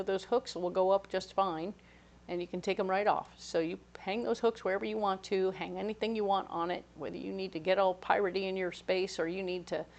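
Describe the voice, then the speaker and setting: A woman giving a casual, playful tarot reading, chatty and full of quick asides. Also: mid-range voice, darkish tone. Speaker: tarot reader.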